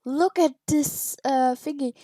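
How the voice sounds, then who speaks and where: Giggly woman playing a game, high voice, talks slow, reacting to everything. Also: no room sound. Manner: excitable and giggly, quick reactions. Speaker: gamer. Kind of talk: gameplay commentary.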